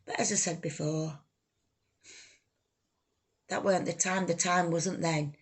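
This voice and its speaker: A woman telling her own life story, halting, raw and emotional, swearing freely. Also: on the low side, steady tone, husky. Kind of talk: personal life story told to camera.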